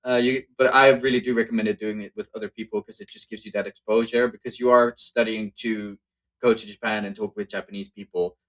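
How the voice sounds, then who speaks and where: A man teaching a Japanese lesson in English, explaining casually with frequent fillers and quick self-corrections. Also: fairly low pitch, steady tone. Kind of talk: casual spoken lesson walkthrough.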